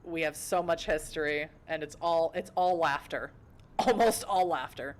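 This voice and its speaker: A woman's voice: low-pitched, a little slow, a little hiss or hum. Giggly young woman streaming a game. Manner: giggly, self-mocking asides. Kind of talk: casual game commentary and reading aloud.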